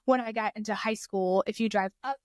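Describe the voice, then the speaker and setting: A woman's voice: medium pitch, steady tone, darkish tone, no echo, studio quality. A middle-aged woman from Georgia with a Southern accent, telling stories as a guest in a casual chat. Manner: chatty storyteller, drawn-out pauses.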